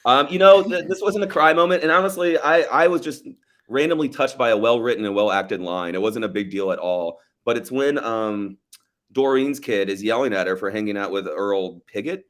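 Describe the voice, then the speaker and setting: A man co-hosting a casual movie podcast, animated and profane, often acting out scenes as he talks. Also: mid-range voice. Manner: fast, animated, profane, acts out film scenes. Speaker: podcast co-host. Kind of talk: casual movie review chat.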